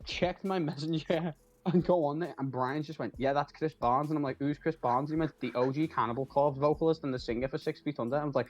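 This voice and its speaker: A young man with a Scouse accent, telling a story in casual chat on a stream. He tells it with animated energy, swears freely and laughs often. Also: on the high side, fast, muffled recording, soft background music. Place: home.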